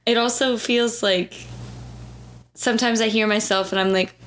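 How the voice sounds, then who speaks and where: A woman's voice: a little high, fairly even intonation, moderate pace, fairly bright tone, a little hiss or hum. A young woman in her twenties with a Chicago-area Midwestern accent, co-hosting a podcast in playful, self-mocking chat. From near Chicago. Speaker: podcast co-host. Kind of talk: casual chat.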